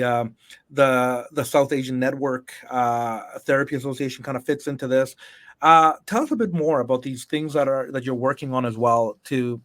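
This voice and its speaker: A man's voice: mid-range voice, a bit bright. A man hosts a podcast interview in a mid-range voice. He cheers his guest on with eager affirmations. He asks long, winding questions. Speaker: podcast host. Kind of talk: interview hosting.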